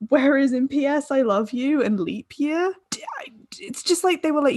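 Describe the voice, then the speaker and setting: A woman's voice: sits high, animated, normal speed, darkish tone, no room sound, studio quality. A young woman co-hosting a casual chat podcast, rambling and laughing partway through her sentences. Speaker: podcast co-host.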